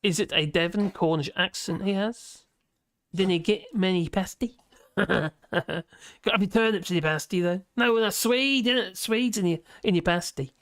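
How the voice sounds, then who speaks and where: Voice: mid-range voice, normal speed, a bit bright, no room sound, studio quality. A livestream host, chatting casually and reading viewer comments in a rambling way, with many restarts and fillers. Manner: laughs often between remarks.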